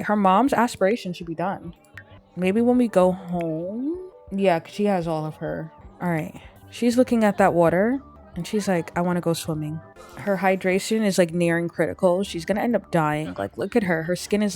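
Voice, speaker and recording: A woman's voice: medium pitch, a little mellow. Gameplay narrator, young woman, chatty, plays out her characters' thoughts, faint music under the voice. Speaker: gameplay streamer. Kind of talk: casual let's-play commentary.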